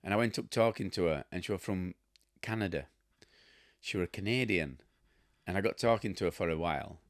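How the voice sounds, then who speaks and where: Talking to camera in a low voice, a fifty-something Yorkshire host rambles from one story to the next, chuckling and adding blunt asides. His intonation is lively and his pace a little fast, and his voice sounds close and dry with no room sound at all.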